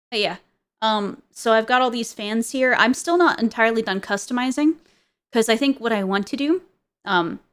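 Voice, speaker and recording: A woman's voice: medium pitch, fairly bright tone. A woman streamer in casual chat, rambling with many fillers and frequent giggles.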